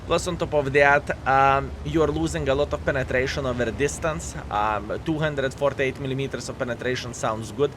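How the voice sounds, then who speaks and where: A man's voice: mid-range voice, moderate pace, hardly any pauses, background noise. Sarcastic male gameplay commentator. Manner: sarcastic, repeats phrases, many fillers. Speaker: game commentator.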